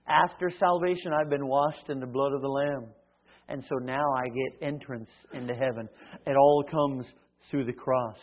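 A man preaching a sermon, swinging from loud emphatic lines to hushed ones and acting out little dialogues. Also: mid-range voice, a little slow. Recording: tinny phone-like sound.

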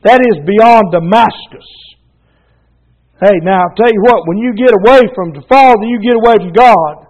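A preacher with a high voice delivers a folksy, fervent sermon to his church, with loose colloquial grammar and "Amen" calls. The recording is dull and lo-fi. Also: moderate pace, darkish tone. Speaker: pastor.

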